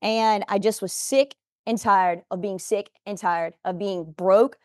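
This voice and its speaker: A woman's voice: mid-range voice, steady tone, unhurried, no echo. A woman in her forties gives a motivational talk in a studio, speaking emphatically and addressing viewers directly.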